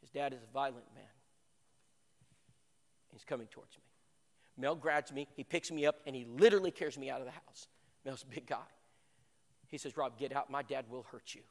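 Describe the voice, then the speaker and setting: A man teaching a church Bible lesson through an animated personal story, acting out voices and stammering over repeated words. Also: mid-range voice, brisk. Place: church hall. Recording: long hall reverb.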